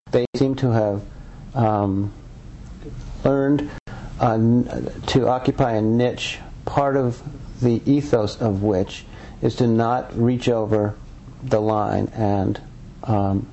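A man's voice: fairly low pitch, dark tone, a little hiss or hum, low-quality recording. A man being interviewed as an author and researcher, talking earnestly and rambling with frequent restarts. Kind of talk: conversational interview.

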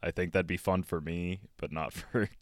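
A man co-hosting a podcast, chiming in with short, relaxed asides in casual chat. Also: sits low, moderate pace, no room sound, studio quality. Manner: brief, relaxed reactions and asides. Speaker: podcast co-host.

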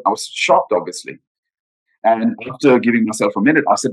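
A guest financial adviser talks fairly quickly about retirement planning in a podcast interview, his lowish voice carrying a breathy edge over a low-quality recording. He's earnest and emphatic and leans often on rhetorical questions.

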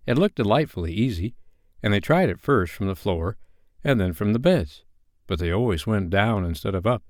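A man reading a classic children's novel aloud as a bedtime story, in an expressive, lively manner. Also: fairly low pitch, normal speed, dry recording, clean studio sound.

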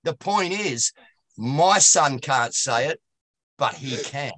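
Bright, dry-voiced man. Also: medium pitch, slow, dry recording. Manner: animated anecdote-telling, blunt. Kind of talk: interview discussion.

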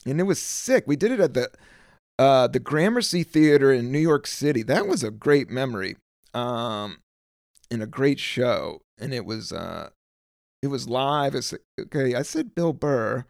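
A man's voice: medium pitch, lively intonation, a little slow, vocal fry, no room sound, studio quality. A middle-aged man from the United States, a comedian hosting his own solo podcast, rambling loosely with plenty of swearing and trailing off while searching for words. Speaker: podcast host.

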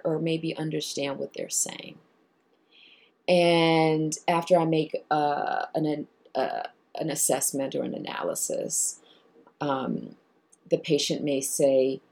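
Woman therapist, low voice, husky, mellow tone, acts out client conversations. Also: a little slow. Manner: animated, acts out dialogue with clients. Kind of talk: explanatory talk to viewers.

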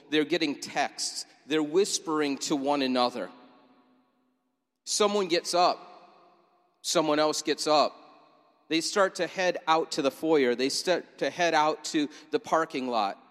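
A man's voice: a little high, moderate pace, few pauses, fairly bright tone, in a large hall. A man preaching as pastor, telling a scene vividly and asking listeners to imagine it. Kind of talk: sermon. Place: church sanctuary.

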